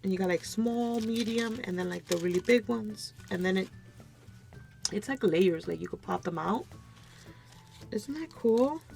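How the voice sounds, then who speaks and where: Woman craft vlogger, gushing show-and-tell, mid-pitch voice, tired and coming down with a cold, soft music behind. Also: a little slow, creaky, long pauses. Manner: gushing, keeps addressing viewers as "you guys". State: low energy, coming down with a cold. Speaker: crafting channel host. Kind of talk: casual show-and-tell unboxing. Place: home craft desk.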